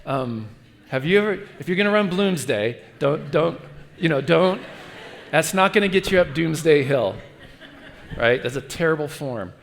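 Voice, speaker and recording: A middle-aged man giving a sermon as a guest preacher, telling stories and dropping to hushed, pleading tones. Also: on the high side, expressive, moderate pace, gravelly, big-room sound, a little hiss or hum. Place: church.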